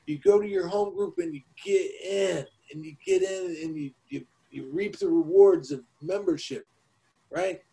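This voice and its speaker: A man's voice: sits high, big pitch swings, moderate pace, creaky, warm tone, low-quality recording. A man co-hosting a casual recovery podcast, talking in an emphatic, preachy way with casual swearing. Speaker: podcast co-host.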